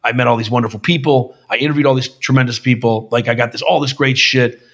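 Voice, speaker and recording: A man's voice: mid-range voice, fairly even intonation, fast talker, a bit bright. Profane, emphatic man telling stories. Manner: profane, emphatic storyteller acting out quotes. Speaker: guest film director. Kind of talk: casual conversation.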